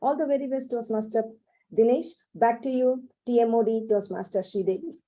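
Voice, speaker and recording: A woman carefully reading out project notes as evaluator at a club meeting on a video call, pausing over unsure words. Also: fairly high pitch, mellow, low-quality recording. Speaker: speech evaluator.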